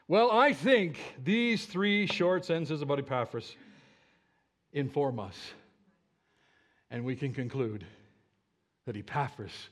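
A man preaches to his church with a fairly high voice. He swings between loud, emphatic calls and soft, low asides. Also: slow pace, pauses often. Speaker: pastor. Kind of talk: sermon. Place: church sanctuary with a live congregation.

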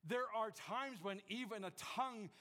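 A man preaching a sermon to a congregation, animated, swinging from loud to hushed and joking with the listeners. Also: high-pitched, moderate pace, long reverb tail. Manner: jokes with the congregation. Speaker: pastor. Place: church before a congregation.

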